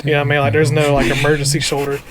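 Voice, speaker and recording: A man's voice: a little high, completely flat delivery, racing, over a noisy crowd. A man co-hosting a casual podcast, telling a story with lots of swearing and laughter and acting out the quotes. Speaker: podcast co-host.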